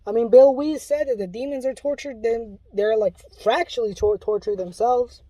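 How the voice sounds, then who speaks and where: A woman's voice: a little high, moderate pace, warm tone, slightly rough, dry recording, rough recording. A woman giving an impassioned religious warning, pleading and urgent, often restarting her sentences.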